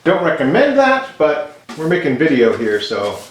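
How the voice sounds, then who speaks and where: A man, a resin maker, chatting casually and enthusiastically to camera, thinking out loud as he works in his home workshop. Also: on the high side, wildly swooping pitch, moderate pace. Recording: echoey workshop with loud machine noise.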